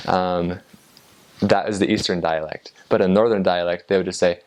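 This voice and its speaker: Very deep-voiced man explaining casually. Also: moderate pace, smooth. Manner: relaxed, hesitant, says uh often. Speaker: former missionary explaining dialects.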